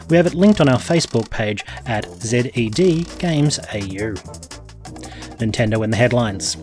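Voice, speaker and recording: Male gaming news presenter, mid-pitched, quick scripted read, faint music under. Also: a little mellow. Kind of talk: read news segment, then casual chat. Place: apartment beside a train line.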